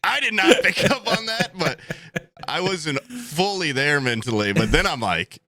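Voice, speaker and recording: A man's voice: fairly high pitch, big pitch swings, unhurried, a crowd in the background. A young man co-hosting a podcast, telling a story in a casual, comedic way, acting out quotes and swearing freely. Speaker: podcast co-host.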